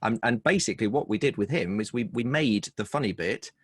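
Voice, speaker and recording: A man's voice: on the low side, expressive, fairly quick, slightly rough, no room sound. An English man with a wry, chatty, storytelling manner, a humor coach talking in an online interview over a video call. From England.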